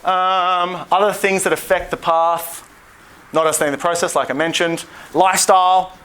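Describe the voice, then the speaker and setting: A man's voice: high-pitched, moderate pace, clear, resonant tone. Blunt, profane Australian man coaching. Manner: profane, blunt, animated with acted-out quotes. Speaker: dating coach. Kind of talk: seminar talk. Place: seminar room.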